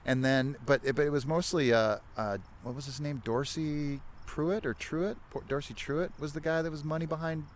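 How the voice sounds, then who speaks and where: A man's voice: on the high side, steady tone, moderate pace, few pauses, slight background noise. A man in his fifties, a podcast guest telling loose, rambling stories and correcting himself as he goes. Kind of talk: casual storytelling chat.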